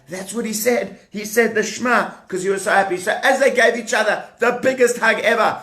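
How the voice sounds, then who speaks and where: A man in his thirties telling a puppet story to children at home, animated and asking the kids questions as he goes. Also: high-pitched, normal speed, hardly any pauses, reverberant.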